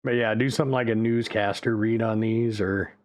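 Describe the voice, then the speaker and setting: A man's voice: lowish voice, steady tone, brisk. A male streamer in casual livestream chat, rambling, loose and profane.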